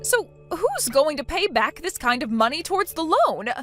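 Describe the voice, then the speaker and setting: A scornful older mother-in-law gives orders in a high, lively voice, voiced by a woman. She sounds bossy and demanding. Soft music plays behind her. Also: moderate pace. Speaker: story character.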